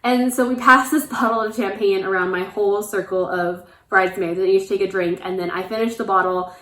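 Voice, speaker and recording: A woman's voice: medium pitch, steady tone, fairly quick, fairly bright tone, roomy sound. A young woman casually telling stories about her wedding day with lots of fillers and asides. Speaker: vlogger recounting wedding day. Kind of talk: casual storytime chat.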